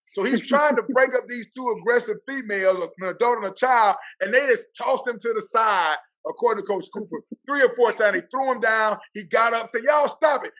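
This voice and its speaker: A man, a guest athletic director, telling stories in a lively way and acting out the quotes. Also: high voice. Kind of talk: animated storytelling.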